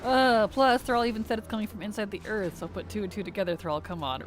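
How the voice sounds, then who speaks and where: A woman streaming a game, chatting casually with viewers, chatty and giggly with animated rants. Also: medium pitch, fast, hardly any pauses, soft background music. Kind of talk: casual gameplay chat with viewers.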